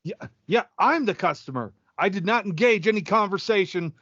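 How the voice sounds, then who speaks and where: Young male co-host, high voice, rambling profane storyteller, dry dull recording. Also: animated, normal speed, fairly bright tone, dry recording. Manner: rambling, profane, acts out quotes. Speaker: podcast co-host. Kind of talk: comedic storytelling.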